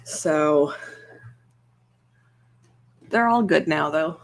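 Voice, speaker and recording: A young woman chatting casually and rambling a little, soft-spoken and quick to laugh. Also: deep voice. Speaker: ASMR channel host. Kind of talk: casual chat on a livestream.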